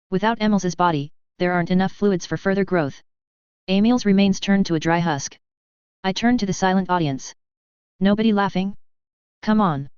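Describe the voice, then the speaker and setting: A woman with a low, very clean voice reads a fantasy story in first person. Her delivery is even and measured. The recording is dry and a little dull. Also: clear, resonant tone, dry recording. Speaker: audiobook narrator. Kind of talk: scripted first-person narration. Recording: slightly dull, dry audio.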